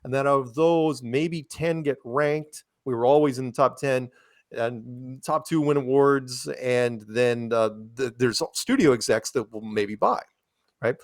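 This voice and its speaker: A man's voice: mid-range voice, a little slow, no room sound, clean studio sound. A man as a podcast guest, telling stories casually, with many restarts and asides, acting out quoted people in raised voices. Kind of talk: casual conversational storytelling.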